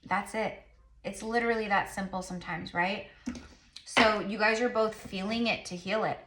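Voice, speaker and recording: A woman's voice: mid-range voice, steady tone, moderate pace, fairly bright tone, roomy sound, slight background noise. A woman giving a casual spiritual tarot reading to her viewers, rambling with lots of fillers and repeated affirmations. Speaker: tarot reader and psychic.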